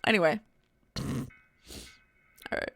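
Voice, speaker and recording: A woman's voice: slow pace, fairly bright tone. A young woman streaming live, chatting casually with her viewers, laughing often, and reading out horror files. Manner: giggly, chatty, reacting to chat.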